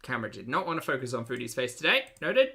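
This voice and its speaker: Very low-voiced sarcastic woman streamer. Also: big pitch swings, quick pace, very noisy. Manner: dry, sarcastic asides. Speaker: reaction streamer. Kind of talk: live-stream reaction commentary.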